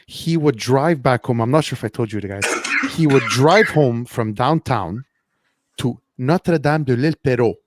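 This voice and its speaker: A man co-hosting a casual podcast, telling stories in an animated way, repeating words and laughing often. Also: medium pitch, moderate pace. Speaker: podcast co-host. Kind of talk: casual podcast chat, storytelling. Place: Montreal.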